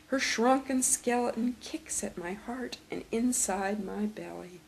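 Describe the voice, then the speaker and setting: An older woman poet giving a poetry reading in a measured, reflective way. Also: a little high, vocal fry, a little hiss or hum, poor audio. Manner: slow, measured and reflective delivery.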